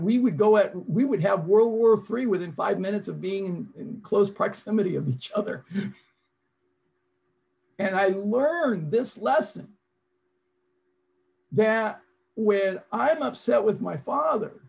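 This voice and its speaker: High gravelly man leading a webinar. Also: lively intonation, unhurried, a little mellow. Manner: coaching, repeats phrases, prompts audience. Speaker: seminar presenter. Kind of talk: interactive online seminar.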